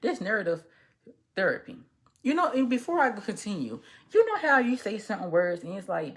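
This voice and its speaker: A woman's voice: medium pitch, sing-song, moderate pace. A woman hosting a casual commentary podcast, speaking as a social worker, candid and rambling, swearing freely and tripping over her words. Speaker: podcast host.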